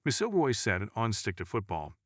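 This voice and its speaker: A man narrating a sports news piece in a lowish voice that swings widely up and down, leaning hard on key words for drama. The sound is close and dry, with no room around it. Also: huge pitch swings, normal speed, no room sound. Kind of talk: scripted sports article narration.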